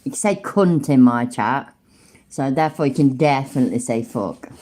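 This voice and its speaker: A woman's voice: a bass voice, expressive, moderate pace, mellow. A British woman hosting a reaction video, commenting casually in a sweary, sarcastic way and laughing often.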